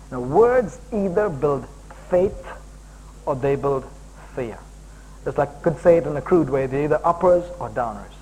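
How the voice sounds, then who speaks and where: A middle-aged man from India preaching a sermon as a guest, jokey and animated, often breaking into high emphatic exclamations. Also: slight background noise, poor audio.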